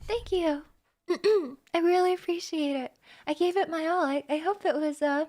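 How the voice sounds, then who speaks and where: A woman's voice: very high voice, moderate pace, darkish tone. A young woman streamer chatting casually with her viewers in a wry, teasing way. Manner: wry, teasing, with laughs and restarts. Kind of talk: casual live stream chat.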